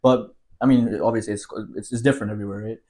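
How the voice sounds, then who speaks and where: A young man from Canada, a podcast guest telling stories in casual chat with quick restarts. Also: lowish voice. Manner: animated, storytelling, quick restarts.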